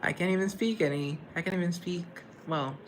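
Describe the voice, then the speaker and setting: A man's voice: sits high, brisk, a little hiss or hum. A man from Colombia chatting casually on a live stream, answering viewers' comments in a chatty, theatrical way.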